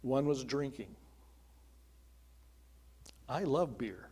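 Middle-aged man, pastor giving a sermon as testimony; conversational, earnest, dark mellow tone. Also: medium pitch, expressive, drawn-out words, slightly rough. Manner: earnest and conversational, with chuckling asides.

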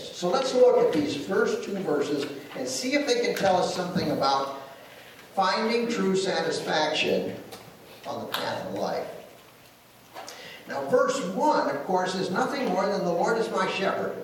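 A man's voice: fairly high pitch, sing-song, a little slow. A man preaching a sermon as pastor, telling folksy stories and making emphatic declarations. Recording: echoey room from far off with faint noise.

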